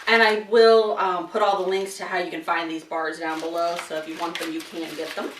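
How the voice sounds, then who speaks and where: A woman's voice: lowish voice, level tone, brisk, a bit bright, a little hiss or hum. Chatty woman host in a roomy space. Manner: chatty, talks while chewing, frequent laughs. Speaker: wine and chocolate tasting host. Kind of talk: casual tasting vlog. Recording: roomy sound from some distance.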